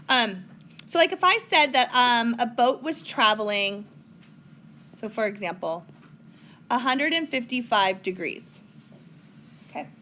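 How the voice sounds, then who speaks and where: A woman's voice: mid-range voice, bright, forceful tone, a little hiss or hum. A woman teaching a recorded whiteboard math lesson, chatty, with playful asides to her students.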